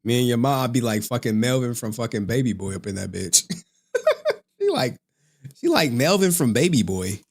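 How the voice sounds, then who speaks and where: Tired, joking streamer man, lively pitch. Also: normal speed. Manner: rambling, joking, laughs often, swears a lot. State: tired from lack of sleep. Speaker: streamer host. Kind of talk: casual late-night livestream chat.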